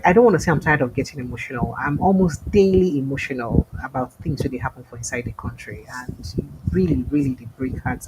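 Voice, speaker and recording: A woman's voice: sits low, darkish tone, a little hiss or hum, poor audio. A woman with a Nigerian accent hosting a live call-in show, chatting casually, reading out viewer comments and slipping into pidgin. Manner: chatty, reads viewer comments aloud, laughs, switches into pidgin.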